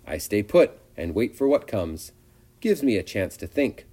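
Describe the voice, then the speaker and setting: Dude reading as a wise old-soul spider lady, calm and measured, mellow and low. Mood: musing. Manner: measured, gently lecturing. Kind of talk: storybook reading.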